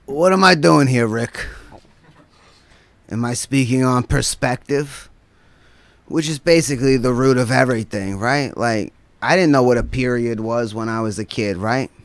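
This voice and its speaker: A man's voice: medium pitch, no echo. A man performing a stand-up routine as a guest comedian, rambling through a profane story and tossing in constant "right?" asides.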